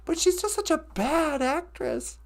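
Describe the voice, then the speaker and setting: A woman's voice: high-pitched, huge pitch swings, unhurried. A woman co-hosting a comedy podcast, bantering in a sarcastic, joking way. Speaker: podcast co-host.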